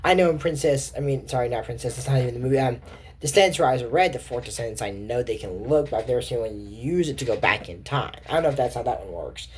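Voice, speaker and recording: A woman's voice: a bass voice, animated, fast, slight background noise. A woman casually recapping and commenting on a cartoon episode, rambling and correcting herself as she thinks aloud. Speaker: show commentator.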